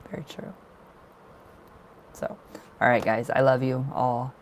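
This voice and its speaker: A man's voice: mid-range voice, level tone, a little slow, a little hiss or hum, poor audio. A man hosting a casual tarot livestream, chatty and laughing often as he talks to viewers.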